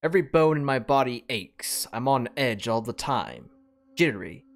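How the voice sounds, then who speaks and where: A man's voice: medium pitch, lively intonation, moderate pace, gravelly. A man doing a cocky convict's journal voice. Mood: anxious. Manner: reads the log aloud in a put-on accent. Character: male convict test subject, cocky and defiant.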